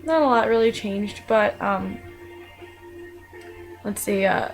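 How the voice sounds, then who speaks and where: In a rough recording with faint music behind her, a young woman vlogger chats slowly about her own life. Her mid-range voice wanders through a casual monologue, with plenty of fillers and restarts.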